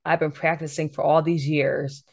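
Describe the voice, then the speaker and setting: Low-voiced woman interviewer. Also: level tone, moderate pace, creaky, darkish tone. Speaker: interview host. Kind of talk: faith interview.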